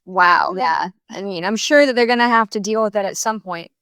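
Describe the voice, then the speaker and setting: A woman's voice: mid-range voice, a little fast, fairly bright tone, clear, resonant tone, no room sound, clean studio sound. A woman hosting a podcast, chatting casually and reacting to her guest in a friendly, conversational way. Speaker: podcast host. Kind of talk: casual interview chat.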